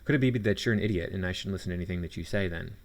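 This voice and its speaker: Man, deep voice, sarcastic reaction commentary, scornful, mocking tone. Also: rapid-fire.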